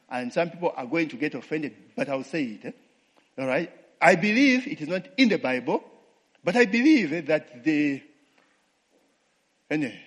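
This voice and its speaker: A man's voice: fairly high pitch, slightly rough, in a large hall. A man with a Ugandan accent gives a testimony sermon, tossing in call-and-response tags like "eh?" and "what?" and laughing to himself. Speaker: preacher.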